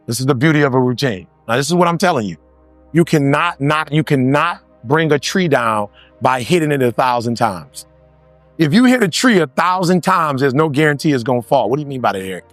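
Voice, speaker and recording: A man giving an animated motivational speech, repeating lines for emphasis and acting out other voices. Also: mid-range voice, fairly quick, no echo, faint music behind. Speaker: motivational speaker.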